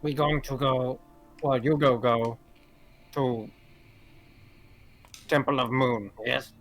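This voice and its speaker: A man's voice: mid-range voice, steady tone, slow, fairly bright tone, faint music behind. Man narrating as game master. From Britain.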